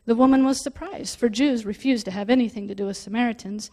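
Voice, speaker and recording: A woman preaching a sermon, reading scripture aloud and stopping to explain it, growing louder on key points. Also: fairly high pitch, fast talker. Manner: reads scripture aloud and breaks off to explain it, rising with emphasis.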